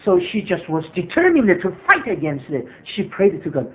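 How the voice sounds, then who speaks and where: A man's voice: high voice, wildly swooping pitch, moderate pace, few pauses. A man preaching a sermon as pastor, earnest and repetitive, with frequent hesitations. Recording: tinny phone-like sermon recording.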